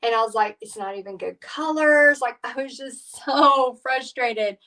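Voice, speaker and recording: A woman's voice: a little high, unhurried, bright, forceful tone, distant mic, rough recording. A middle-aged woman, chatting through a live painting tutorial in a rambling, storytelling way with lots of fillers. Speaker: painting instructor.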